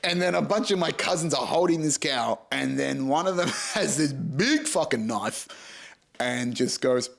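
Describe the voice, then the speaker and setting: A man's voice: a little high, a little slow, creaky. An Australian man in his thirties hosting a podcast, telling a comic story with lots of swearing and laughter. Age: 30s. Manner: profane, animated, laughs through his story. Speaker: podcast host.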